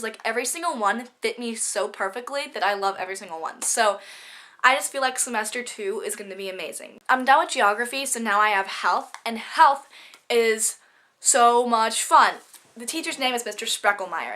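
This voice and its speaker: A woman's voice: fairly high pitch, sharp tone. A teenage girl vlogging about her school classes in a bubbly, gushing way, sounding stuffy from a cold. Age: teens. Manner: bubbly, gushing, rapid chatter. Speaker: student vlogger. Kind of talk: casual vlog chat.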